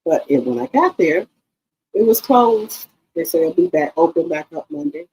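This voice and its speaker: Woman channel host, low gravelly voice, heartfelt, swoops up and down. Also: very animated, normal speed, mellow, a little hiss or hum, low-quality recording. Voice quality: emotional, repeats herself, addresses viewers directly. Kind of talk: casual heartfelt talk to viewers.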